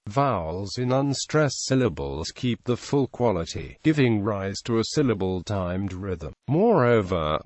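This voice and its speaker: A man narrating an encyclopedia article aloud in an even, mechanical read-aloud manner. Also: mid-range voice, no room sound.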